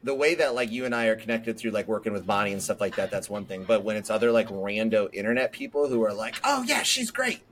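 A man's voice: on the low side, fast talker, few pauses. A man hosting a casual podcast chat, laughing often and mimicking voices in jest, with some swearing. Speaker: podcast host.

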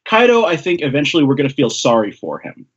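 Male guest, eager animated chatter, lively pitch, dull lo-fi line. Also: fast, breathy edge. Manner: enthusiastic, laughs often, acts out lines. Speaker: podcast guest. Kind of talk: casual chat recapping a manga chapter.

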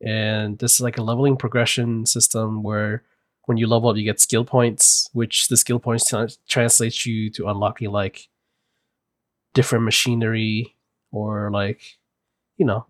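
A young man co-hosting a casual gaming podcast, talking in a low-key way with brief replies. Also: no room sound, clean studio sound. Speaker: podcast co-host.

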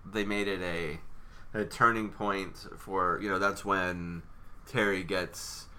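A man's voice: sits low, fairly even intonation, takes it slowly, bright, forceful tone, clear, resonant tone. A man co-hosting a casual movie chat, wry and playful, often breaking into laughter. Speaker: podcast co-host.

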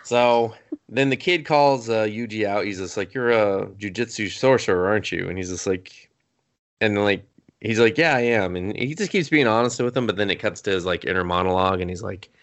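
A man's voice: lowish voice, fairly quick. Rambling man recapping an anime, coughing. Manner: rambling, laughs often, acts out quotes. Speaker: podcast co-host. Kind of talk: casual chat recapping an anime episode.

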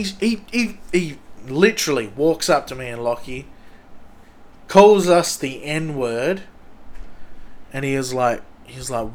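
A man's voice: medium pitch, slight background noise. Foul-mouthed young Australian man telling stories. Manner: swears constantly, rambling, loud acted-out quotes. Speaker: podcast host. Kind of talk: casual storytelling.

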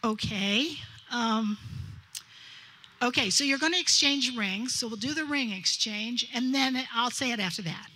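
A woman tells a lively story about a wedding she officiated. Her voice is bright and ringing, set a little high. She slips in and out of the voices of the people in the story as she goes. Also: a little slow. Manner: lively, animated, quotes others in dialogue. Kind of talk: anecdotal storytelling.

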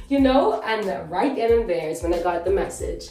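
A woman delivers a casual devotional talk with animated, emphatic energy. Her voice swings widely in pitch. It sounds roomy and a little distant, with soft music underneath. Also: normal speed, few pauses. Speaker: devotional podcast host.

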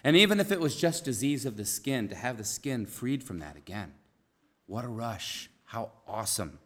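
A man preaching a conversational sermon, earnest, repeating key phrases and dropping to a soft hush for emphasis. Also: medium pitch, big pitch swings, moderate pace.

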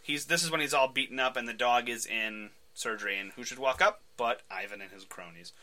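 A man hosting a casual podcast, retelling a comic book in an animated way and laughing often. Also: mid-range voice, brisk. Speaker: podcast host.

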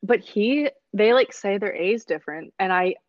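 A woman's voice: medium pitch, animated, normal speed. Young american woman gabbing with friends, lots of likes, kinda muffled. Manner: chatty, lots of fillers. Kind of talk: casual chat.

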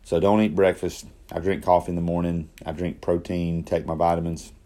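A man's voice: sits low, flat delivery, a little fast, mellow. A man talking through his day in a casual, self-reflective monologue, rambling and correcting himself as he goes. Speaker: daily video diarist.

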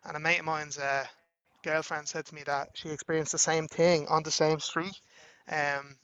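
A bright, forward Irish man, his voice sitting a little high. He talks in a loose, filler-heavy way as he tells a story among friends, slipping in and out of the voices of the people in it. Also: level tone, normal speed, clear, resonant tone, dry recording, muffled recording. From Ireland. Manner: rambling storyteller acting out both sides of a dialogue, filler-heavy. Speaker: podcast co-host. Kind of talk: casual anecdote among friends.

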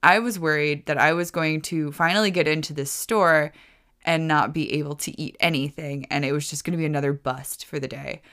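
A woman's voice: low-pitched, fairly bright tone, smooth. A woman hosting a podcast, telling a personal story in a rambling, self-correcting way and laughing at her own jokes. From United States. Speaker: podcast host. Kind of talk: casual storytelling.

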